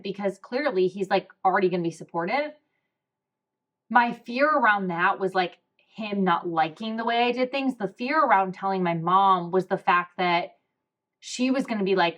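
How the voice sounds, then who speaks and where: A young woman hosts her own podcast and tells a candid personal story. She talks frankly and expressively, swears freely and breaks into quick asides. Her voice sits in an ordinary middle pitch for a woman. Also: animated, fairly bright tone. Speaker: podcast host.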